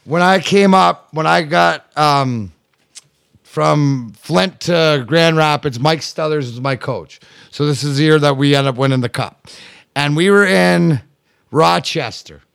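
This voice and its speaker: Canadian man, chatty storyteller; gravelly, a touch high. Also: a bit bright, no echo, studio quality. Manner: rambling, lots of "right?" and restarts, laughs at his own stories. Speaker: podcast guest and former hockey player. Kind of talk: casual storytelling chat.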